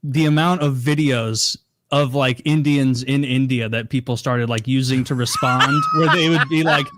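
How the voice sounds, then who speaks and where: A man's voice: medium pitch, moderate pace, a bit bright. A man co-hosting a podcast, rambling and mocking as he chats casually. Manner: rambling, mocking, mimics others in quotes. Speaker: podcast co-host.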